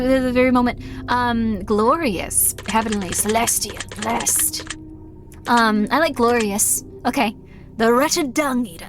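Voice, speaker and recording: A young woman streamer chatting casually while she plays, rambling with lots of fillers and self-deprecating asides. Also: sits high. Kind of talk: casual live-stream chat while gaming.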